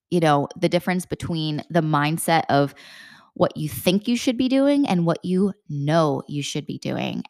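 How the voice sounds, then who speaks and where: A woman's voice: sits low, darkish tone, dry recording, studio quality. A young woman coaching mothers on mindset, in an earnest motivational talk that keeps repeating questions and drops the odd swear word.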